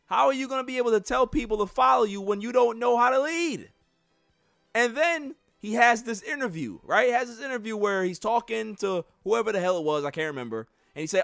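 High-voiced man ranting on a sports podcast. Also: a little fast, gravelly, no room sound, clean studio sound, faint music behind. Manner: animated, mocking, laughs while ranting. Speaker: podcast host. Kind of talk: solo sports podcast rant.

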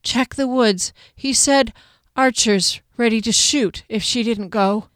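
A woman's voice: on the high side, slow pace, a bit bright, dry recording, voice pushed up. A woman voicing a wounded, dazed young male elf who speaks in a shaky, pleading way. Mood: shaken.

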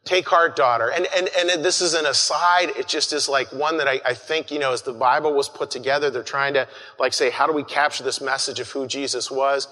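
A man's voice: mid-range voice, steady tone, a little fast, hardly any pauses, pushed and bright. A man preaching a conversational sermon, earnest and full of restarts, calling his listeners folks. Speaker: pastor. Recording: long hall reverb.

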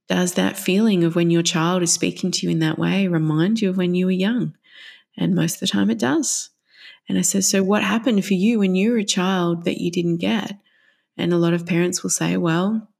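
A woman's voice: on the low side, creaky, darkish tone. A woman in her forties, a parenting counsellor, explaining earnestly in an interview and often checking in with "right?".

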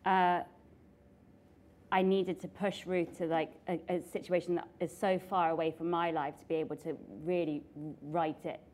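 A young woman, an author and actress, chatting casually with her sibling and telling stories with lively laughter. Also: on the low side, moderate pace. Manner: animated storytelling with frequent laughter.

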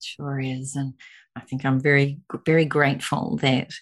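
A woman's voice: very deep voice, little pitch movement, normal speed. A woman hosting an interview, asking long, rambling questions. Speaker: host.

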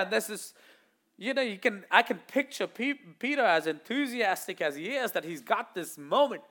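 High, bright-voiced preacher man. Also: fairly quick. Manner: animated preaching, acting out quoted voices with swings from loud to hushed. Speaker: pastor. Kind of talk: sermon.

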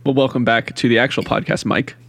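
Dry gravelly man, wry co-host. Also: mid-range voice, fairly even intonation, brisk, a bit bright, no echo. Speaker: podcast co-host. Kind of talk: casual chat.

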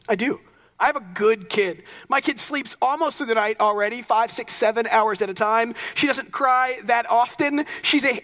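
A man's voice: sits high, a bit bright. Conversational young male pastor in reverb. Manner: conversational, joking asides. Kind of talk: sermon.

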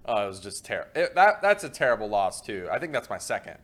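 A man's voice: on the low side, sing-song, fast talker, a bit bright. A man co-hosting a casual sports talk show, sharing a story in an easygoing way. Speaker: podcast co-host.

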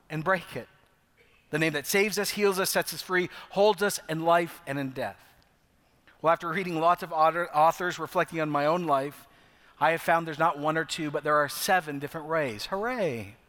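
Man, middle-aged, pastor, earnest sermon, slows to stress phrases, slightly high voice, long hall reverb. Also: fairly bright tone.

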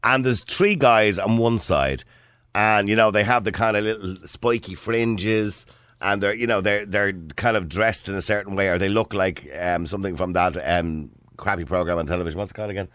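A man hosting a radio phone-in, chatty and animated and quick to laugh. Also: on the low side, clear, resonant tone, dry recording, clean studio sound. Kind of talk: casual talk radio chat. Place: radio studio.

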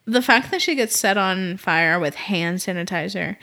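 A woman's voice: mid-range voice, lively intonation, normal speed, sharp tone. A woman in casual podcast chat, talking about a film in a playful way and quoting its scenes. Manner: playful, laughs often, quotes scenes. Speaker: podcast co-host.

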